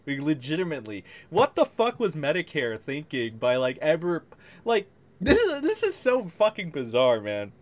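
A man's voice: on the high side, huge pitch swings, normal speed. A man doing casual reaction commentary on a call, swearing freely and mocking with laughing asides. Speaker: commentary streamer.

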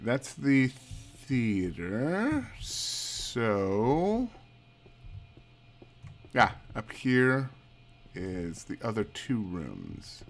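A man's voice: lowish voice, fairly bright tone. A man casually commenting while he plays a co-op video game with a friend, chatty and cursing now and then. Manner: chatty, swears, reads on-screen dialogue aloud with laughs. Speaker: streamer playing a co-op game.

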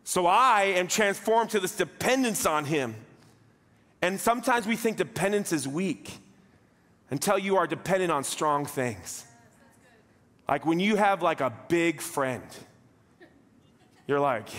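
High-voiced man preaching in a reverberant church. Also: expressive, measured pace, long pauses, fairly bright tone. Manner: conversational and joking, acting out little scenes in quoted voices. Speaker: pastor. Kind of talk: sermon. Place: church sanctuary.

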